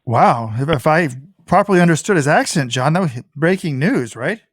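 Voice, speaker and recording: Opinionated podcast co-host, dry sound. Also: male voice, fairly high pitch, lively intonation, normal speed, dry recording. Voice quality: opinionated, critical commentary. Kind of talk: casual chat.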